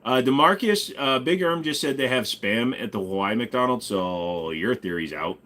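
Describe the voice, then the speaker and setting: A man's voice: mid-range voice, animated, moderate pace, sharp tone. Profane joking male streamer. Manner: profane, joking, reads chat while bidding. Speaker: streamer host. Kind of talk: casual livestream ask me anything chat.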